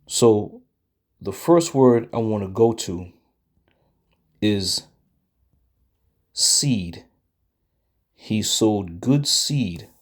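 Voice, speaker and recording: A man teaching a Bible study lesson in a deliberate way, often pausing to check in with his listeners. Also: lowish voice, a little mellow.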